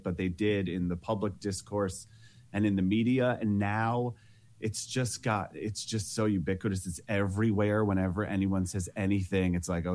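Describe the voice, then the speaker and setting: A man speaks casually as a panelist in a discussion. His voice sits fairly low, and he fills his talk with "like" and "you know" and often restarts his sentences. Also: a little mellow. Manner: casual, many likes and you knows, restarts.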